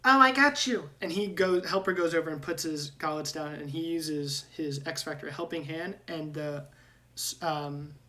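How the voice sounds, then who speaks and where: A woman's voice: low-pitched, fairly even intonation, normal speed. A woman narrating as game master in a casual tabletop game, with lots of fillers and restarts.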